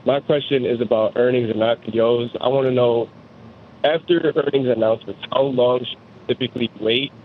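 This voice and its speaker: A man's voice: medium pitch, steady tone, moderate pace, slight background noise. A man calling into a finance show, speaking politely and hesitantly with lots of fillers. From Georgia. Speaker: caller. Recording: tinny phone line.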